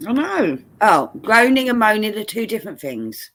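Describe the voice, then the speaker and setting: A woman's voice: mid-range voice, very animated, moderate pace, fairly bright tone. A British woman in casual chat on a video call, teasing and chatty, laughing often. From Britain.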